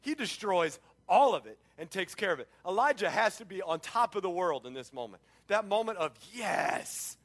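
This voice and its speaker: A middle-aged man preaching a sermon, telling the story in an animated way and breaking off into sports asides. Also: high voice, fairly quick, hardly any pauses. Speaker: pastor.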